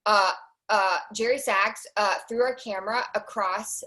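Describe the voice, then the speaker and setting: A woman in her forties, a documentary producer, chatting as a guest on a podcast with animated storytelling and quick asides. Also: mid-range voice, poor audio. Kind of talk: casual interview chat.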